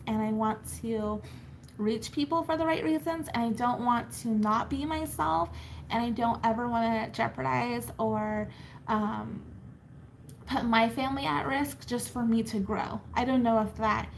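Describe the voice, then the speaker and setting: A woman's voice: high-pitched, a little hiss or hum. A woman vlogger and mother chatting casually to her viewers, reading their comments and rambling with fillers and laughs.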